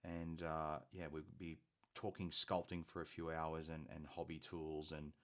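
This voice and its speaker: A man's voice: very deep voice, monotone, unhurried. An Australian man hosting a hobby painting live stream, chatty and rambling as he thinks aloud. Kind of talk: casual live-stream chat.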